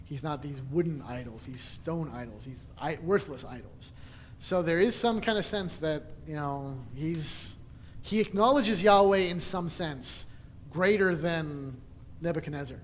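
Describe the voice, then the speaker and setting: A man leading a casual Bible study lesson, chatty and quick to laugh, often restarting his sentences. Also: fairly high pitch. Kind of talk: casual teaching talk. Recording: echoey hall, faint noise.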